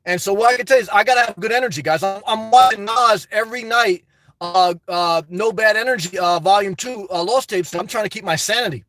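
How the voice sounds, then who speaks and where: A man's voice: high-pitched, a little fast, a bit bright, faint music behind. A man live-streaming from inside a parked car, rambling through viewer comments, joking and laughing often, with lots of "man" and "guys".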